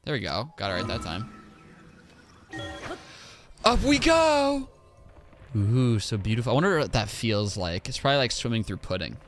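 Excitable man streaming a game. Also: lowish voice, fast, hardly any pauses, soft background music. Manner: excitable, exclaims and jokes to himself. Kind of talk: live gameplay commentary.

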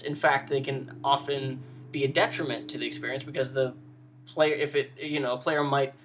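A young man with a slightly high voice gives a casual, off-camera tutorial on tabletop role-playing. He rambles a little and fills the gaps with ums and quick restarts, so it sounds like relaxed, unscripted talk. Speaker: tabletop game tutorial host. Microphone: voice-over with no face shown.

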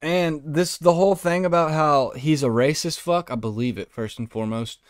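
A man's voice: a little high, normal speed, no room sound, clean studio sound. A man hosting a podcast, delivering a profane, mocking comedic rant. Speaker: podcast host.

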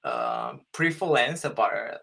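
A man's voice: lowish voice, huge pitch swings, a little slow, gravelly, bright, forceful tone. A man in his thirties from Japan with a Japanese accent, practicing English in a casual chat on a video call, hesitating often and searching for words. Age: 30s. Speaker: English learner.

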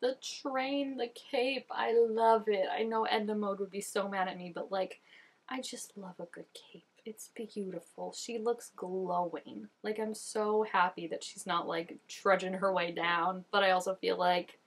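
A woman's voice: mid-range voice, fairly even intonation, unhurried. A young woman giving casual reaction commentary, chatty and full of "like" fillers. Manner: chatty, filler-heavy with constant "like". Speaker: reaction video host.

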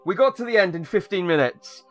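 A man's voice: sits high, lively intonation, brisk, fairly bright tone, soft background music. A young man giving sarcastic, rambling commentary while playing a video game. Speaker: gaming YouTuber. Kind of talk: sarcastic let's-play commentary.

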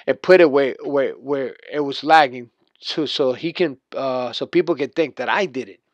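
A man's voice: medium pitch, moderate pace, no echo. Guy ranting over his game clips, boastful and swearing a lot, dull lo-fi dry audio. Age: adult. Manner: boastful, profane, trash-talking. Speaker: video game player. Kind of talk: gameplay commentary rant.

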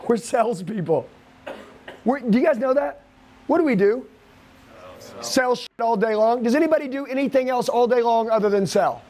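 A man's voice: very high-pitched, a little mellow. A man leading a live sales training seminar, lecturing with profane, aggressive hype. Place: training room with an audience.

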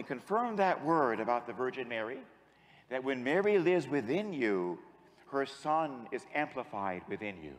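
A male priest preaching a sermon as an animated storyteller who acts out the voices in his stories. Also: mid-range voice, in a large hall. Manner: animated storyteller, acting out quotes.

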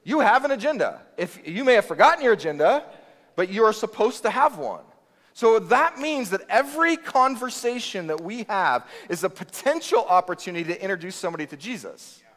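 A male pastor delivers a sermon in a loose, conversational way and acts out the people in his stories. His voice sits a little high and moves up and down a lot. The sound carries a long reverb from a church hall. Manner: conversational, animated storytelling with quoted voices.

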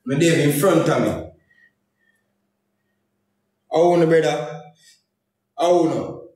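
A Jamaican man rants on social media, heated and full of curses, circling back to the same phrases again and again. His voice sits high for a man. The sound rings hard off the walls of a very echoey room. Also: slow, darkish tone. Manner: heated, cursing, repeating phrases in Jamaican Patois. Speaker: comedian and YouTuber. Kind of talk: angry social media rant.

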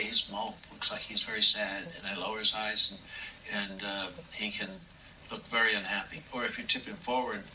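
An older man, a puppeteer, telling stories from his career in an interview, acting out the voices he quotes. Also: lowish voice. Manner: warm, anecdotal, acts out quotes. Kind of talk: reminiscing interview storytelling. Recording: distant mic with faint room noise.

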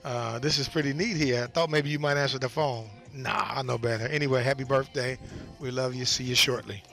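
Gravelly man, easygoing and teasing. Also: medium pitch, fairly even intonation, a little fast, music in the background. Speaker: relative leaving a birthday message. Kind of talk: casual spoken birthday message.

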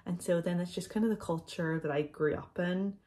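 A woman's voice: fairly low pitch, brisk, warm tone. A woman, chatting casually to camera as she answers viewer questions, a bit out of breath and sprinkling in ums. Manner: chatty, loose, frequent ums. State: slightly out of breath. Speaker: vlogger.

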